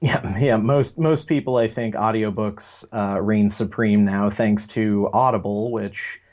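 A man's voice: fairly low pitch, steady tone, measured pace, darkish tone. A man co-hosting a casual pop culture podcast, joking and rambling with fillers. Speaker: podcast co-host. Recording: dull lo-fi sound.

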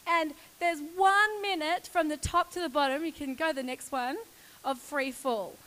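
A woman in her forties telling a lively personal story in a sermon, laughing often. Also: high voice, moderate pace, low-quality recording. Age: 40s. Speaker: church speaker.

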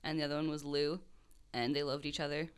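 Young woman, slightly low voice, chatty storyteller who laughs a lot and fills with "like". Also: little pitch movement, fast, smooth. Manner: rambling storyteller, laughs often, lots of "like". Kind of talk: casual chat.

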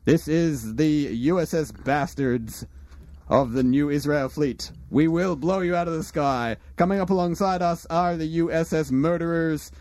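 A man's voice: a little high, lively intonation, normal speed, darkish tone, pitched above the performer's own voice, natural voice. A man voicing a stern, threatening male starship captain with a French accent. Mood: menacing. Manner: formal, menacing.

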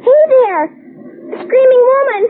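A very high, childlike voice of a frightened little girl in a 1940s radio play, pleading and tearful. The sound is thin and phone-narrow, with a faint hiss under it. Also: takes it slowly. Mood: frantic. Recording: tinny old radio broadcast, faint hiss.

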